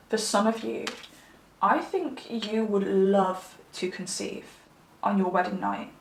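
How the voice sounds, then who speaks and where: Woman tarot reader, chatty and affectionate, rambling, fillers, slightly unwell, mid-pitched, echoey room. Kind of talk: pick-a-card tarot reading.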